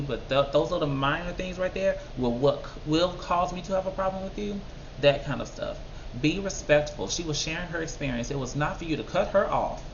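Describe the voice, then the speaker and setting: A man giving casual, animated commentary on a reality show, talking back at the people on screen. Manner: animated, talks back at people on screen, mimics others in high voices. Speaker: reality TV reviewer. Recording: slightly dull lo-fi sound with faint background noise.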